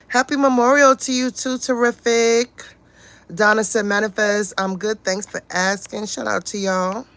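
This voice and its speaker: A woman runs a casual livestream, reading viewers' comments aloud and reacting in a frank, exasperated way that is often laced with swearing. She speaks at an unhurried, drawn-out pace in a mid-range voice. The sound is dry and close, with no room echo. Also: medium pitch, a bit bright. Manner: outspoken and exasperated, swears freely. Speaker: livestream host reading chat.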